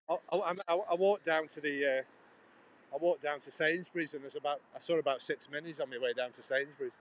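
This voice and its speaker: A man from England livestreams a walking vlog outdoors beside a busy road, rambling chattily and speaking straight to a viewer. His voice is a little high, fairly bright, quick, and fairly even in intonation. The recording is low-quality with slight background noise.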